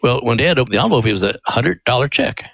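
An older man from Missouri tells a family story in a folksy, unhurried way. He speaks at a middle pitch, and his voice is close and dry with no room sound. He is earnest and devout, and he brings quoted people to life as he goes. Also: lively intonation, gravelly, a bit bright, husky, dry recording, muffled recording. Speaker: ministry director, guest.

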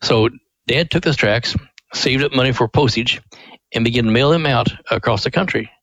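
A middle-pitched man tells a long family story in a folksy, earnest manner. He speaks as a radio interview guest, and the recording is dry and close. No room is heard around him. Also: moderate pace, fairly bright tone, no room sound, poor audio. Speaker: ministry director, guest.

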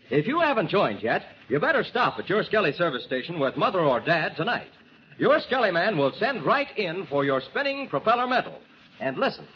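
A hearty, folksy radio announcer from the old days, a man with a lively voice that swings up and down. He reads ads and story recaps with enthusiasm. The broadcast sounds dull and hissy. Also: on the high side.

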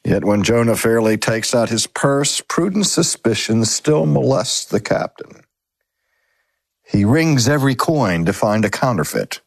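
A man reading aloud a sermon from a novel in a measured, dramatic way. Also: mid-range voice, expressive, creaky, dry recording. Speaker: reader. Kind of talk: scripted narration of a sermon from a novel.

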